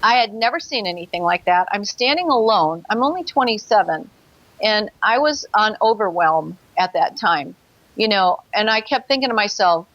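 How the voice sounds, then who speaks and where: A woman's voice: mid-range voice, expressive, moderate pace, fairly bright tone, no room sound, muffled recording. A woman guest in a talk show interview, telling a personal story earnestly and vividly, with hesitant fillers.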